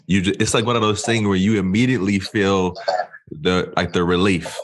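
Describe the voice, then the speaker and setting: A man's voice: deep voice, fairly even intonation, normal speed. A man co-hosting a podcast, talking in a rambling casual way with many restarts. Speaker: podcast co-host. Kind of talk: casual chat.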